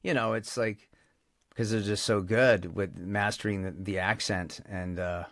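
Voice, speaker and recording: A man's voice: fairly low pitch, steady tone, unhurried, a bit bright, dry recording, clean studio sound. A man with a Canadian accent, a voice actor chatting casually as an interview guest, rambling with many restarts.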